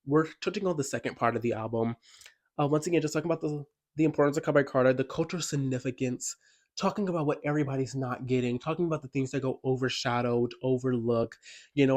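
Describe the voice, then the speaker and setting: Here a music commentator with a mid-range, darkish voice offers a casual album review. He comes across as chatty and enthusiastic, and "like" turns up everywhere in his speech.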